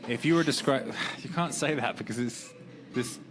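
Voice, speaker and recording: A man's voice: mid-range voice, moderate pace, over music. A man with a British accent co-hosting a podcast in casual chat, with a dry, teasing manner. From Britain. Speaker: podcast co-host.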